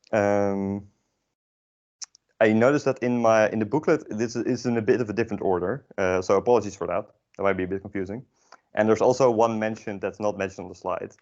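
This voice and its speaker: A young man whose first language is Dutch walks a beginners' class through grammar in an informal, halting way, pausing on fillers and restarting his sentences. His voice sits fairly low. The recording is muffled and lo-fi, as if captured in a classroom. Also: a little mellow. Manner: hesitant, with many fillers and self-corrections.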